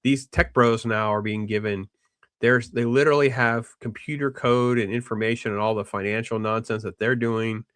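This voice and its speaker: A man hosting a casual film discussion, rambling with restarts and animated quoting of characters. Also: mid-range voice, moderate pace, smooth, dry recording, clean studio sound. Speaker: podcast host.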